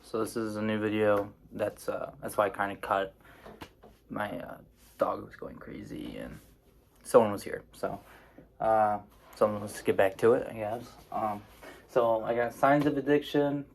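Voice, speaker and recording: A man's voice: lowish voice, steady tone, measured pace, creaky, a little hiss or hum. A man giving an informal spoken explainer, casual and rambling, with many fillers and restarts. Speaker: presenter explaining psychoactive drugs.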